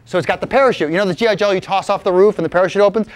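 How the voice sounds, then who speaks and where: A man's voice: sits high, very fast, natural voice. A man voicing his childhood friend, a boy persuading others into a scheme. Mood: scheming. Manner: conspiratorial, persuading.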